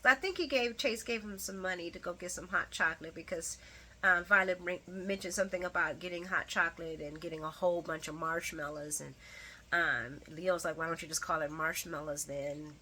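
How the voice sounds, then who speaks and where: A woman's voice: fairly low pitch, a little fast, pushed and bright, a little hiss or hum. A woman recapping a soap opera episode in casual chat, full of sassy asides and frequent laughter.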